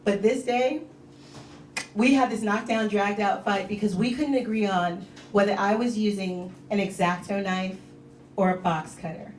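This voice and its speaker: A woman performing a stand-up comedy set, telling deadpan dark jokes and talking to the crowd on a club stage. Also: mid-range voice, measured pace. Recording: echoey club, mic heard from a distance.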